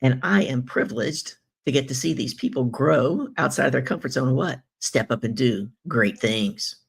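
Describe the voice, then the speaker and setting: On her live business-coaching show, a woman greets the audience and reads comments aloud in an animated, gushing way, asking rhetorical questions. She speaks at normal speed in a rumbling low, creaky voice with a breathy edge.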